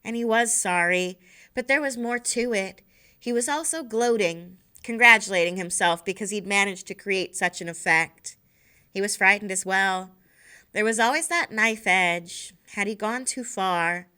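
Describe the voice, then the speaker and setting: A woman, a teacher, reading a novel aloud expressively, slowing down on key phrases. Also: mid-range voice, pushed and bright, clean tone. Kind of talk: expressive read-aloud narration.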